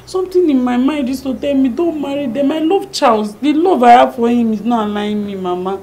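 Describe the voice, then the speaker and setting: A woman's voice: high-pitched, fairly quick, dark tone, slight background noise. An actress playing a young woman in a film drama, insistent and pleading as she refuses to marry. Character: young woman defiantly refusing an arranged marriage. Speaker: daughter.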